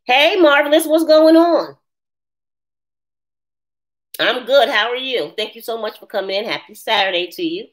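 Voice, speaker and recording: A woman hosting a casual live chat, answering viewers' comments in an animated way and laughing often. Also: on the high side, moderate pace, pauses often. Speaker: live stream host.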